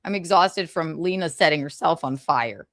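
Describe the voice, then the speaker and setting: Chatty livestream woman, lively pitch. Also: normal speed, no room sound, studio quality. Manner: chatty, giggly, tired asides. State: exhausted. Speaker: livestream gossip host. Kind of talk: casual chat.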